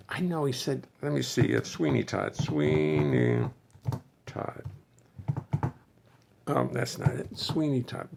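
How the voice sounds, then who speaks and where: A man hosts a loose, rambling livestream, thinking out loud and greeting viewers one by one. His voice is hoarse and heavily gravelly, pitched in an ordinary middle range. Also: wildly swooping pitch, slow, pauses often, a little hiss or hum. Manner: chatty, wandering, thinks aloud and greets viewers by name. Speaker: musician hosting a livestream for fans. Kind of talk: rambling casual livestream chat.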